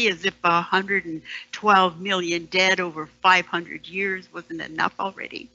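Slow, sardonic woman poet. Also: fairly low pitch, dull audio. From Canada, Ontario. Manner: sardonic, with hushed whispered asides. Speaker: storyteller and poet. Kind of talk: dramatic poetry performance.

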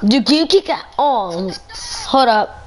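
A woman's voice: fairly high pitch, lively intonation, measured pace, a little hiss or hum. A woman hosting a game server, chatting casually over voice chat and sternly ordering other players around.

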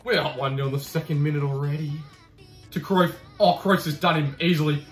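A young man commentating over his own gameplay. He jokes and swears, then his voice shoots up into excited shouting whenever his side attacks. The room rings with a noticeable echo, and soft music plays beneath him. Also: brisk. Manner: cheeky, swears, bursts into high shouting over goals. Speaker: gaming YouTuber. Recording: roomy echo with faint music.

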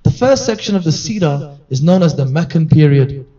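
Male religious teacher, earnest conversational sermon, mellow higher voice, miked from afar with muffled sound. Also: lively intonation, normal speed. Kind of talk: sermon-style reminder at a gathering. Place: gathering hall. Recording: distant mic, dull lo-fi sound.

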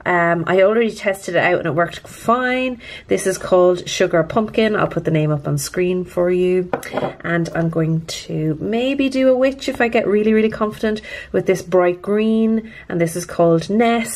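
A woman chatting to camera close up about her nails, nervous but upbeat and self-deprecating. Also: fairly low pitch. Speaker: nail art vlogger. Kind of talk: casual chat to camera.

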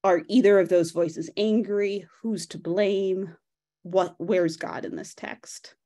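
A woman's voice: mid-range voice, fairly even intonation, slow, warm tone. A woman leading a text study over a video call, speaking conversationally, thinking aloud with frequent restarts and addressing participants by name. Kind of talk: casual teaching, reading and discussing a text.

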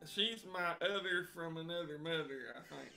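Folksy man with a gravelly voice. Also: on the high side. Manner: folksy, joking, unhurried. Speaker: fiddler leading an online jam. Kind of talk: casual chat between tunes. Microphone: video call. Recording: video call with music behind.

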